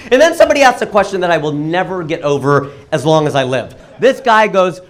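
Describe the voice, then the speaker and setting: A middle-aged man from the United States doing a stand-up comedy set to a live audience, telling stories with big swings in pitch and loudness. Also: brisk, hardly any pauses. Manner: animated storytelling with big jumps in pitch and level.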